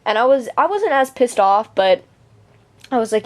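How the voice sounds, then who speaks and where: A teenage girl vlogger vents a personal story to camera, indignant and swearing freely, with lots of fillers and restarts. Her voice is fairly high and very animated, at a normal speed.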